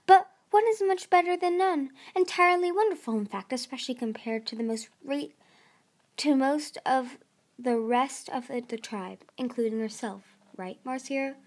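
A woman voicing an eccentric, excitable male dragon scientist who talks eagerly and lectures at length, in an amateur audiobook reading. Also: high-pitched, pitched above the performer's own voice.

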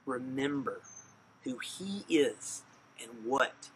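A man's voice: mid-range voice, lively intonation, slow, slight background noise. A male pastor preaching a sermon in a casual, enthusiastic, storytelling manner.

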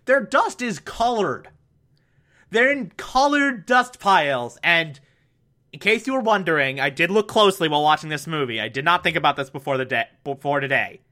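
A man's voice: high voice, lively intonation, moderate pace, bright, forceful tone. A man giving a sarcastic, rambling comedic movie recap, laughing at his own jokes.

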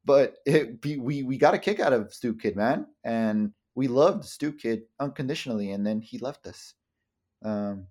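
A man's voice: mid-range voice, moderate pace, darkish tone. Rambling, profane young man chatting. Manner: rambling, profane, many restarts and stammers. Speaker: podcast co-host. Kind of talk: casual chat.

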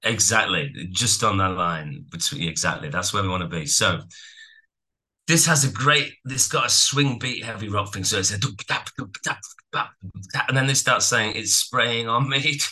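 Man with a very bright, tense voice. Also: fairly low pitch, normal speed. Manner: rambling, animated storyteller. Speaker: podcast co-host. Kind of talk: casual chat about music.

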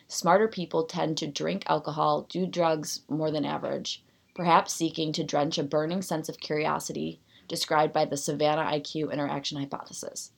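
A woman's voice: deep voice, creaky. A woman hosting a solo podcast, reading an article aloud and breaking off into self-deprecating, rambling asides. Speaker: podcast host.

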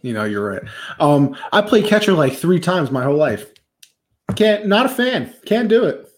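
A man's voice: a little high, sing-song, moderate pace. A man co-hosting a casual podcast, talking in a playful, chatty way with lots of fillers. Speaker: podcast co-host. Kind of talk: casual chat.

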